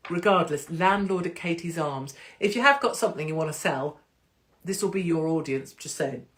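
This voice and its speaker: A woman's voice: lowish voice, moderate pace. Cheeky, rambling woman host. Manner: cheeky, excitable, rambling with asides; reads announcements aloud with joking interruptions. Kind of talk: casual livestream chat.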